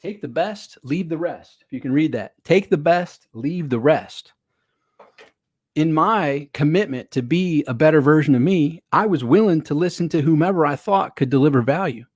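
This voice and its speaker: Motivational male coach, lively and conversational, slightly high voice, dry recording. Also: moderate pace, no echo. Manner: energetic, repetitive, conversational with rhetorical questions. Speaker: online business coach. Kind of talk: motivational webinar talk.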